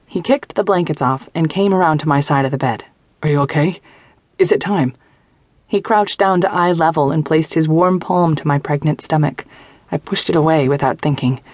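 A woman narrating a young-adult novel in first person, close to a studio microphone, with measured, tense, intimate storytelling. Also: low voice, darkish tone, dry recording. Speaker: audiobook narrator.

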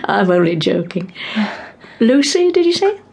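A genteel older wife, breathy. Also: female voice, medium pitch, sing-song, a little slow, full character voice. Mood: teasing. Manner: genteel, gently teasing, calls others dear. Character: older wealthy wife, gracious and teasing. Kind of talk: radio drama acting.

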